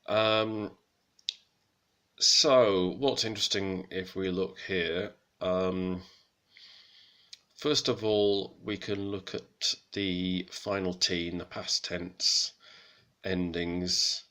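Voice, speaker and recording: Male presenter, deep and crisp-edged, casual teaching, hesitant and self-correcting. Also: flat delivery, extremely slow, sharp tone. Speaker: hobbyist presenter of Old French texts. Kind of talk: casual spoken lesson.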